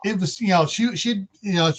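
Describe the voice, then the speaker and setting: A man's voice: high voice, moderate pace. A man hosting a casual livestream, chatting in a rambling, folksy way. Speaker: livestream host. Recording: dull lo-fi stream audio.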